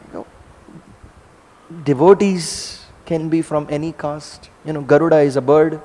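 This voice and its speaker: Man telling a devotional story, slightly high voice, animated and chatty, long hall echo. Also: a little slow. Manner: animated, conversational, acting out scenes. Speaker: storyteller at a religious discourse.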